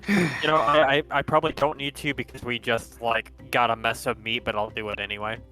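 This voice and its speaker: Casual, bright-voiced man player. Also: mid-range voice, little pitch movement, brisk, soft background music, poor audio. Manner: casual, a bit hesitant. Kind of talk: casual play at a tabletop game.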